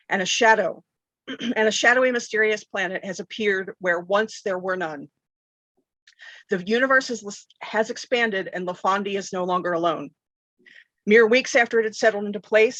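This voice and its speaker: A woman game master narrating a tabletop game with dramatic storytelling, often clearing her throat and correcting herself. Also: mid-range voice, fairly bright tone, no room sound, low-quality recording.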